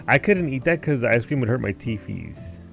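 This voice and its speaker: A man's voice: medium pitch, animated, brisk, gravelly, faint music behind. A man live-streaming who chats casually with his viewers, laid-back, greeting people by name and swearing now and then. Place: home basement.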